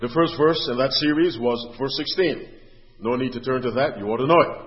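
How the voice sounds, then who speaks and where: A man preaching a sermon, dropping to quiet asides and then rising to loud, pleading questions. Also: mid-range voice, normal speed. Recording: dull audio with long hall reverb.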